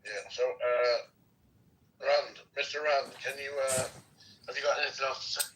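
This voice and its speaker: A man's voice: mid-range voice, fairly even intonation, a little slow, a bit bright, recorded from a distance, slight background noise, rough recording. A man hosting an online debate, arguing his point insistently with many fillers. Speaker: host.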